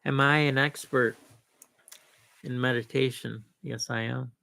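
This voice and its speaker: A man's voice: mid-range voice, steady tone, measured pace, gravelly, sharp tone, dry recording. A man hosting a live video stream, chatting casually in a rambling way, full of restarts and confident asides. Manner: rambling, with self-assured asides and many restarts.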